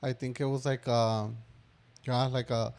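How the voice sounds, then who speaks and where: A man's voice: mid-range voice, flat delivery, measured pace, gravelly, darkish tone. A young man in his twenties, co-hosting a podcast, telling a personal story in a casual, rambling way with many fillers. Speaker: podcast co-host.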